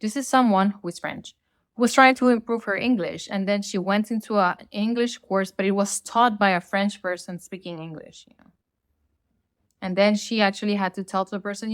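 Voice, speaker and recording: A woman's voice: mid-range voice, normal speed, fairly bright tone, no echo. Blunt Latina woman ranting, dry sound. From Latin America. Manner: blunt, opinionated ranting with casual swearing. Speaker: podcast host. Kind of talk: solo rant podcast.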